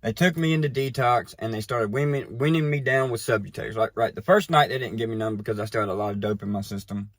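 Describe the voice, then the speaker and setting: A man casually telling a personal story, animated and conversational, often checking in with the listener. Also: medium pitch, fast talker, few pauses, no echo. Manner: animated, tags lines with "right?" and "you know". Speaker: recovery storyteller.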